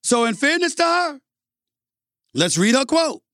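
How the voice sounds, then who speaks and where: A man's voice: extremely high pitch, sing-song, unhurried, no room sound, studio quality. A man, a sports commentator delivering an opinionated monologue with emphatic repetition. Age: 50s. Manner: emphatic, repeats phrases for punch, addresses "ladies and gentlemen".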